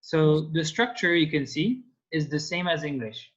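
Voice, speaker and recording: A man's voice: on the high side, lively intonation, normal speed, fairly bright tone, husky. A man with a French accent teaching an online language lesson, explaining patiently with many fillers. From France. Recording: dull lo-fi call audio.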